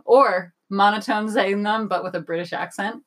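A young woman co-hosting a podcast, chatty and playful and quick to laugh. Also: mid-range voice, fairly even intonation. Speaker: podcast co-host. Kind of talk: casual chat.

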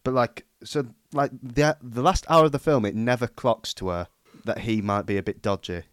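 A man's voice: mid-range voice, moderate pace, no room sound. A man chats loosely about films, circling back and restarting his thoughts. His voice sits mid-range and sounds dry and close to the mic. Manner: rambling, restarts, laughs often. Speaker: podcast co-host. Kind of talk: casual film chat.

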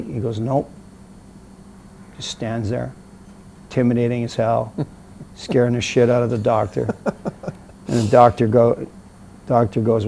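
A middle-aged man, an interview guest, telling a story in a blunt, profane, animated way. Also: medium pitch, measured pace, vocal fry, pauses often. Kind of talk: casual storytelling.

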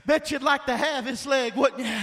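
Preacher man, very high voice, bright and forceful, shouting call-and-response sermon. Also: fairly even intonation, moderate pace. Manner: emphatic, call-and-response, often shouting and laughing.

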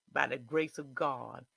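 A man preaching a sermon, building from quiet reflection to shouted declarations. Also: mid-range voice, creaky, husky, dry recording.

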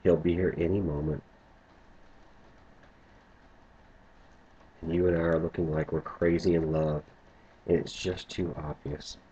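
A man voicing an anxious, protective young man in love who turns insistent, in a husky voice on a muffled lo-fi recording. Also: sits low, little pitch movement, normal speed, warm tone. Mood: urgent. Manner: pleading, then angry and insistent.

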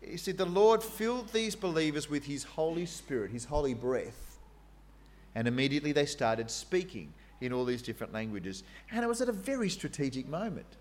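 A man preaching a sermon in an animated, conversational way, with fillers and asides. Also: a little high, normal speed.

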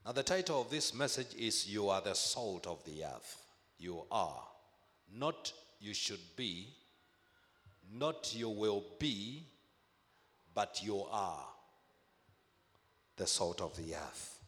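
A man preaching a sermon, emphatic, repeating phrases and slowing to stress key words. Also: fairly low pitch, sing-song, fairly bright tone, big-room sound.

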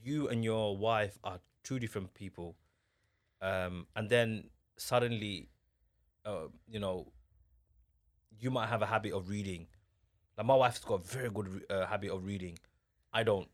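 A young man in a casual podcast chat, telling stories with lively energy, acting out what others said, often restarting his sentences. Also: fairly low pitch, moderate pace, pauses often, no echo. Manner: animated storyteller, acts out what others said.

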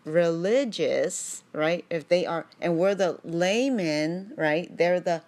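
A woman's voice: lowish voice, slow, darkish tone. A woman reading a religious text aloud at home, breaking off into chatty, digressive asides and asking "right?" again and again.

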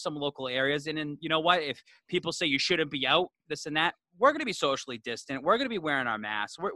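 A man co-hosting a sports podcast in casual chat, energetic and excitable. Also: on the high side, no room sound. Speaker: podcast co-host.

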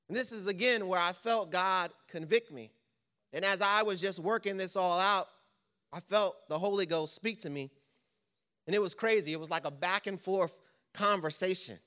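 Male pastor with a bright, forceful voice preaching, pressing question after question. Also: high-pitched. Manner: impassioned, rapid-fire rhetorical questions. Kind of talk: sermon.

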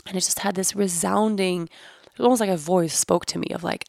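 A woman's voice: mid-range voice, steady tone, fast, vocal fry, darkish tone, no room sound, clean studio sound. A woman in her thirties, hosting a podcast, candidly and searchingly recounting a personal experience and swearing casually. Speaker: podcast host. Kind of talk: reflective personal storytelling.

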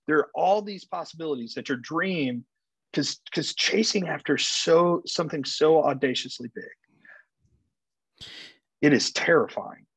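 A man's voice: a little high, a little slow, breathy edge, dry recording. A man hosting a podcast, speaking in an emphatic, motivational way during casual conversation. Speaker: podcast host.

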